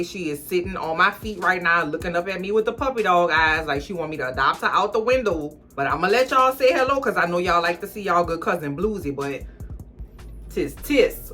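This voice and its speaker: A woman ranting casually about a TV episode at home, animated and slangy, chatting straight to her viewers. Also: lowish voice. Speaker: TV recap vlogger. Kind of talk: casual TV recap rant.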